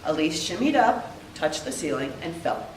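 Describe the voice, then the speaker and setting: A woman's voice: on the low side, big pitch swings, a little hiss or hum. Older woman giving a eulogy in an echoey room. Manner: heartfelt storytelling with pauses. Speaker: eulogy speaker. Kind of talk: memorial tribute speech. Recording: echoey room, heard from a distance.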